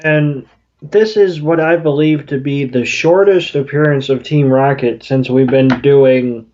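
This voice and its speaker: A man's voice: medium pitch, fairly even intonation, a little slow, darkish tone. Laid-back man, muffled podcast audio. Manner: conversational, hedges with "you know". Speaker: podcast co-host. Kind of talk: casual episode recap.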